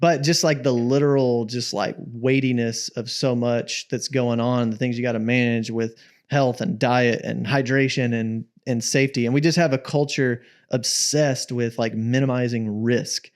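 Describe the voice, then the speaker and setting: A man's voice: medium pitch, steady tone, normal speed. A man co-hosting a parenting podcast, reflecting and thinking aloud in casual conversation. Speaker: podcast co-host.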